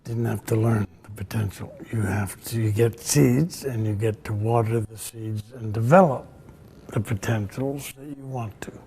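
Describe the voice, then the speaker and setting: A man's voice: on the low side, fairly even intonation, normal speed, mellow, husky. An older man, a tennis coach and interview guest, telling stories in conversation and acting out the people in them. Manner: reflective, acts out the people in his anecdotes. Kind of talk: storytelling in a conversation.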